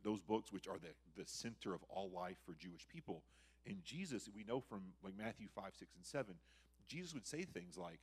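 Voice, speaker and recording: A man preaching a sermon in a church, conversational and animated, acting out quotes from the text. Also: low-pitched, slightly rough. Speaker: guest preacher. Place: church sanctuary.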